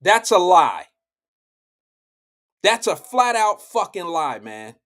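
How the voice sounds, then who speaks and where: Man, live show host, high voice, blunt, profane, heated commentary. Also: sing-song, slow pace, fairly bright tone. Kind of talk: political commentary.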